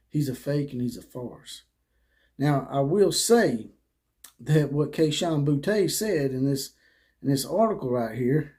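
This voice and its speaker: Man, sports commentary host, blunt and mocking, mellow tone, slightly high voice.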